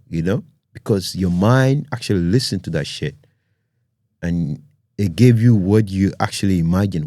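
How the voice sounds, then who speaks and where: A man with a very low, mellow voice hosts a podcast and talks in an easygoing but earnest way. He often tags his thoughts with "you know" and "man". The sound is close and dry. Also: no room sound. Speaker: podcast host. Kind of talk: casual podcast monologue.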